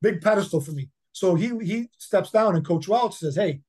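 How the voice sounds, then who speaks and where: A man's voice: high-pitched, expressive, moderate pace, mellow, slightly rough. A man in his fifties, a head football coach, telling stories in a casual interview, rambling with many fillers and repeated words. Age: 50s.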